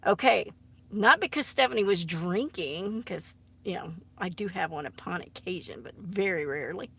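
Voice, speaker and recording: A woman's voice: fairly low pitch, lively intonation, normal speed, gravelly, a bit bright, breathy edge. A woman chatting casually on a live stream, giggly and teasing, often dropping into embarrassed whispers. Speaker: artist live-streaming to viewers. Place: home art studio.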